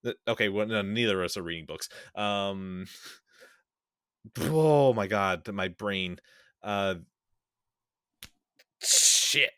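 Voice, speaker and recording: A man's voice: fairly low pitch, takes it slowly, pauses often, clear, resonant tone, no room sound, studio quality. A man hosting a casual podcast, rambling, correcting himself mid-sentence and swearing offhandedly. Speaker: podcast host.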